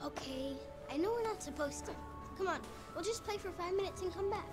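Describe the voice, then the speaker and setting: A woman's voice: extremely high pitch, expressive, fairly quick. An actress voicing a bored, lonely young girl in a video game. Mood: playful. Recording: game audio with music behind.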